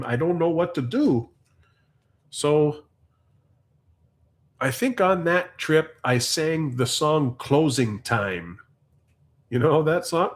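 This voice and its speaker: A man hosting a long livestream, telling a rambling story in casual chat. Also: mid-range voice. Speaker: livestream host. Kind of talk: casual live stream chat.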